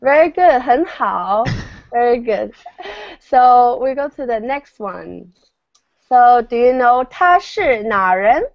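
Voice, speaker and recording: A woman from China teaches over a video call, taking each word slowly and patiently. Her voice sits fairly high and the sound is dry and dull, the lo-fi tone of a webcam call. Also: lively intonation, no echo. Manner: patient, slow and clear, repeats words for learners. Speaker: language teacher. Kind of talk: online mini-lesson.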